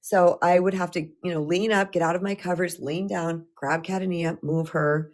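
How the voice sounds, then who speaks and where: Middle-aged woman, a coach on a casual live stream; slightly low voice, lively and chatty, restarts her thoughts. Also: normal speed. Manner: chatty, animated, with frequent restarts. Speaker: spiritual empowerment coach.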